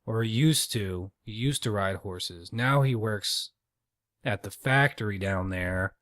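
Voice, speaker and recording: A man's voice: fairly low pitch, measured pace, a bit bright, dry recording, studio quality. A man voicing a chatty old man at the store who rambles through small talk.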